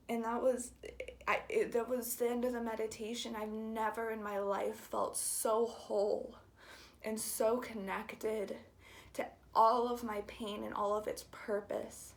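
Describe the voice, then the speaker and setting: Young woman vlogger, heartfelt personal story, gentle and hesitant, occasional whispered phrases. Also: fairly high pitch, flat delivery, gravelly. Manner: soft, halting and heartfelt, drops into whispers.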